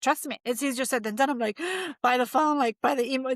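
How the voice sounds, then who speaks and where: A woman's voice: high-pitched, brisk, no echo. A woman in her forties, a mindset coach talking as a guest in an upbeat, emphatic, motivational way. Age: 40s. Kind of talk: casual interview chat.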